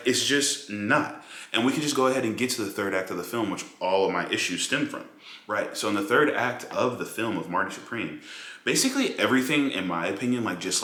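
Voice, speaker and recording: A man giving a casual, animated film review monologue with lots of fillers and mocking asides. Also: deep voice, roomy sound. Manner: animated, mocking quoted voices, many fillers.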